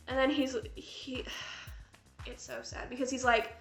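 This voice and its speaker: A woman's voice: fairly high pitch, fairly even intonation, takes it slowly, gravelly, long pauses, a bit bright. A woman reviewing a horror film in a gushing, chatty vlog style, full of fillers. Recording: echoey room with faint music.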